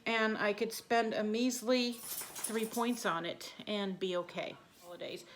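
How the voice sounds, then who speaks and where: A woman's voice: mid-range voice, steady tone, a little slow. A woman chatting casually to her camera in a rambling, friendly way, with many fillers. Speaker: vlogger.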